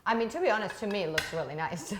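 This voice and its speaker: A woman's voice: medium pitch, lively intonation, fast, background noise. A woman hosting a cooking chat show, playful and encouraging as she cooks with her guest in a home kitchen. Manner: warm encouraging listener, playful. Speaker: host.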